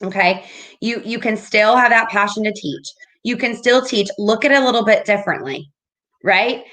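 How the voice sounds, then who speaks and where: A woman's voice: mid-range voice, moderate pace, fairly bright tone. A woman hosting a casual talk as a business coach, upbeat and encouraging. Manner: upbeat, encouraging, keeps asking "right?".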